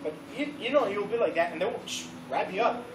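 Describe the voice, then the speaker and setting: A man giving a casual, animated teaching at a church youth service, acting out the voices of the crowd as he tells the story. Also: high voice, fast, over music. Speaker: youth leader. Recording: roomy, distant recording with faint background noise.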